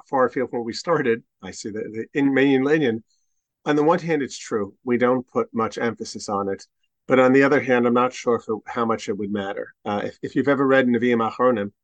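A man, a rabbi guest on a podcast, speaks thoughtfully and often restarts his sentences mid-thought. His pitch is ordinary and middle. The sound is dry and close to the mic. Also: dry recording. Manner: thoughtful, halting with many restarts and fillers. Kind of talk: conversational discussion.

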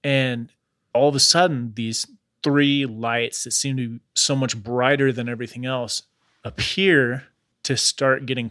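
A man with a bright, forceful voice recounts a strange tale in a casual podcast chat. He uses loose slang like "bro" and "dude" and keeps an easy conversational flow. The sound is close and dry. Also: mid-range voice, no echo. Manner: relaxed retelling with slangy asides like "bro" and "dude". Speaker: podcast host.

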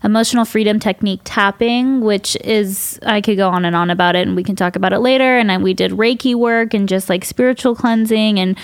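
A woman in casual conversation, chatty and animated, leaning on "like" as she talks. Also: medium pitch, fairly quick, few pauses, clear, resonant tone, no echo.

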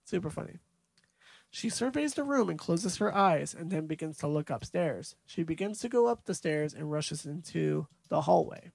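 A man's voice: on the high side, expressive, normal speed, gravelly, a little mellow, dry recording. A man co-hosting a podcast, casually recapping a movie's scenes from his notes. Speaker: podcast co-host.

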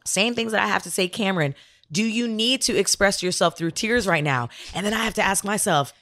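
A woman's voice: a little fast, dry recording, clean studio sound. A woman in her thirties co-hosting a parenting podcast in casual chat, acting out dialogue with big swings in her voice. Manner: animated storyteller who acts out dialogue with big pitch swings. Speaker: podcast co-host.

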